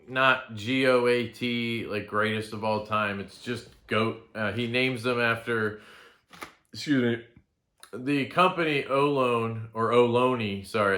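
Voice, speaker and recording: A man's voice: mid-range voice, sharp tone, reverberant. A young man talking casually through an unboxing, rambling and correcting himself often. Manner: rambling, with frequent ums and self-corrections. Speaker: knife reviewer.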